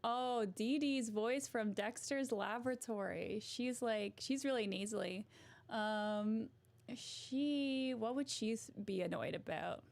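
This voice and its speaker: A vlogger chats to her viewers at an unhurried pace, giggling and teasing herself. Her voice sits a little high and carries a gravelly fry, and the chat stays loose and casual throughout. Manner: giggly and self-mocking.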